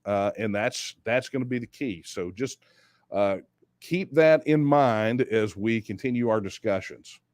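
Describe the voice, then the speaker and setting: A man's voice: fairly low pitch, lively intonation, a little slow, a little mellow, no room sound, clean studio sound. A man hosting a livestream, answering viewer questions in a conversational way, often repeating himself and speeding up when he makes a point. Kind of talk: livestream Q&A talk.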